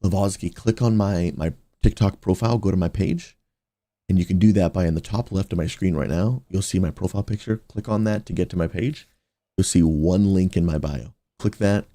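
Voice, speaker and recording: Deep-voiced pastor streaming a game. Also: male voice, brisk, dark tone, dry recording. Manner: upbeat, talks straight to chat, slips into preaching. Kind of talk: casual livestream chat while gaming.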